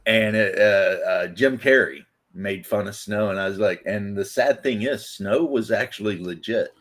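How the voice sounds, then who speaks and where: A man's voice: fairly low pitch, moderate pace, a bit bright. A man hosting a casual podcast chat, rambling and laughing as he talks. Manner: rambling, laughs often, loose fillers. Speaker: podcast host.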